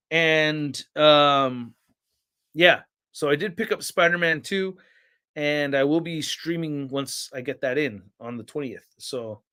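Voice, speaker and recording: A man's voice: fairly high pitch, bright, forceful tone. A young man hosting a livestream, chatting casually in a laid-back, slangy way and telling stories to his chat. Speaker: livestream host.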